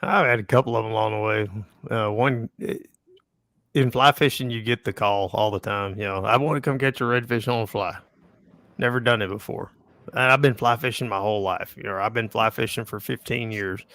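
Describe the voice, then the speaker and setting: A man who guides fishing trips tells an anecdote about a customer in an easygoing, wry way. His voice has a gravelly texture at a middle pitch. The sound is dry and close, with no room sound. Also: steady tone, brisk, a bit bright, no room sound. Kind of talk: casual storytelling chat.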